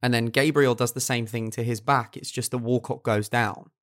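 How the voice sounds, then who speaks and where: A young man co-hosting a casual football podcast, talking in quick animated bursts and repeating words as he builds a point. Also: medium pitch. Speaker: podcast co-host.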